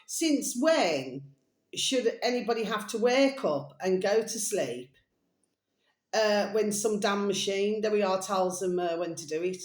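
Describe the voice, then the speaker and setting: A woman's voice: medium pitch, lively intonation, unhurried, echoey room. A woman chatting in a rambling, casual monologue, calling her listeners her little babies. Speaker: vlogger.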